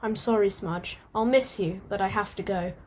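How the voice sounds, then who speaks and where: A woman's voice: mid-range voice, moderate pace, a little hiss or hum, natural voice. Rusty, a woman doing a restless young tomcat. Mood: determined. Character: restless young male house cat longing for the wild.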